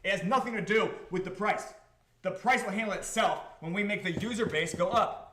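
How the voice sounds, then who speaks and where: A man hosting a livestream about his crypto project, talking to the chat in an excitable, profane, repetitive way. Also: high-pitched, fairly quick, echoey room, a little hiss or hum. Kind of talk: livestream talk to a chat audience.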